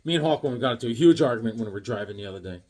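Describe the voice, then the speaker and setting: A man's voice: medium pitch, animated, rapid-fire, darkish tone. A man chatting casually while showing comics, telling dad jokes and rambling stories. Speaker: comic collector.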